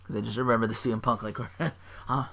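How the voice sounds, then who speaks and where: A man's voice: mid-range voice, steady tone, a little fast, creaky, fairly bright tone. A man hosting a solo podcast, rambling with lots of "like" fillers and restarts. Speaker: podcast host.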